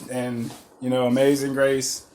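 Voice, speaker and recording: A man's voice: medium pitch, completely flat delivery, unhurried, a little mellow, a little hiss or hum. A young man telling a rambling, profane story in casual chat, laughing through it as a podcast host.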